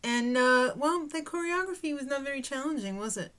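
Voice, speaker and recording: A woman's voice: high voice, lively intonation, fairly quick, fairly bright tone. A young adult woman hosting a recap show in casual chat, joking and snarky, often laughing.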